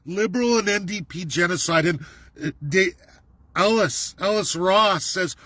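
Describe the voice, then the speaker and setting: A man's voice: high voice, measured pace, bright, forceful tone, dry recording. A man delivering an angry, profane political rant, heated and accusatory. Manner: heated, swearing, accusatory, emphatic. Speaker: political commentator.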